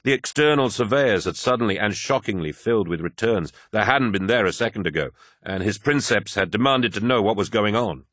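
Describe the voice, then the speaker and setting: Deep, forceful male audiobook narrator. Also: brisk, dry recording, studio quality. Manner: steady, dramatic reading.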